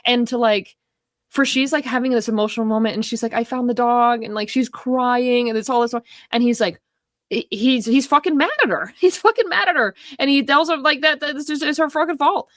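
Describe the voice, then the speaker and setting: A woman's voice: on the high side, fairly even intonation, brisk, fairly bright tone, no echo. Heated rambling woman, dry close sound. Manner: heated, rambling, swears often. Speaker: podcast co-host. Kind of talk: casual film discussion.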